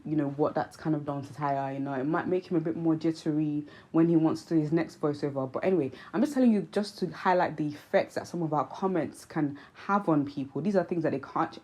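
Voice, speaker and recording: A young woman vlog host with a Nigerian accent touched by British speech, talking to camera in an earnest, reflective way with many pauses and ums. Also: deep voice, a little mellow, poor audio. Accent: Nigerian with British influence. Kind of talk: casual commentary to camera.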